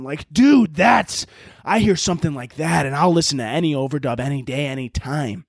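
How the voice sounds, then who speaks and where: A male podcast host ranting in a loose, comedic way, full of profanity and rambling restarts. His voice sits a bit high for a man. He is recorded close on a mic in a dry space with no room sound. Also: normal speed, gravelly, no echo. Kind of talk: casual comedic rant.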